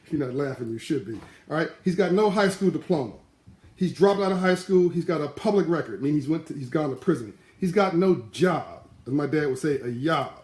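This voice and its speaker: A man giving a live-streamed motivational talk in passionate, animated storytelling. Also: fairly high pitch, a little fast, reverberant. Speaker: motivational speaker.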